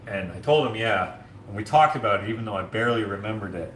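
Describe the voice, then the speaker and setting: A man's voice: on the low side, animated, fast talker, fairly bright tone, reverberant, a little hiss or hum. A man hosting a casual livestream from his home kitchen, washing dishes while he reads comments and rambles, full of filler words like "like". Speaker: streamer and host.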